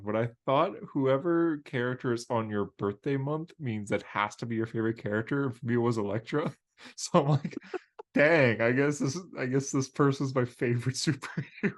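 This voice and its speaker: Laughing, rambling young guy. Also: medium pitch. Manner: laughs often, rambling and jokey. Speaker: podcast co-host. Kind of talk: casual chat. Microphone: video call.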